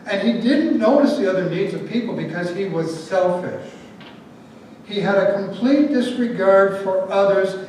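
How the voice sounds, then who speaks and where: A male preacher with a fairly high voice tells a story to his congregation, slipping in wry asides as he goes. He is recorded from a distance in a very echoey room, with a faint hiss underneath. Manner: lively storyteller, adds asides and jokes. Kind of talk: storytelling sermon. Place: large room with a gathered audience.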